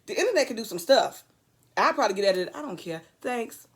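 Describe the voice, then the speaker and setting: A woman's voice: a little high, big pitch swings, fast talker. A woman giving an earnest, preachy motivational talk to camera, hammering points home with repetition and drifting into rambling asides. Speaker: vlogger.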